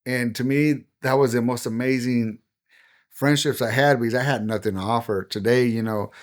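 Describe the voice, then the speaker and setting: A man's voice: medium pitch, fairly even intonation, moderate pace. Earnest middle-aged man telling his story. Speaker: pastor and podcast guest. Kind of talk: personal testimony in a podcast interview.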